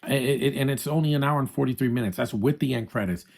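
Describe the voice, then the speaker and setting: A man's voice: mid-range voice, fast, gravelly, a little mellow. Chatty, opinionated man reviewing a movie. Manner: chatty, opinionated, frequent restarts, addresses viewers as guys.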